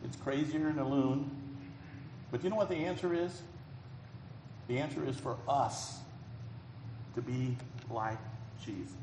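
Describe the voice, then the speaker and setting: A man preaching a sermon in a folksy, emphatic way, his voice swelling loud on key phrases. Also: mid-range voice. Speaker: pastor. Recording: echoey hall, faint background noise.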